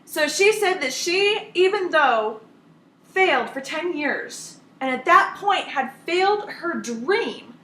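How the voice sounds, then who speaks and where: A woman retelling a story on a team call, talking in an animated way and acting out the voices of the people in it. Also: extremely high pitch, takes it slowly, roomy sound.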